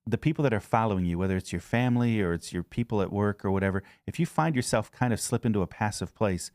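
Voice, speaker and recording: Guy with a lowish voice reading the bible then chatting about it, dry close sound. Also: fast, darkish tone, no room sound. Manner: reads aloud then chats conversationally. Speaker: pastor. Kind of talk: scripture reading and discussion.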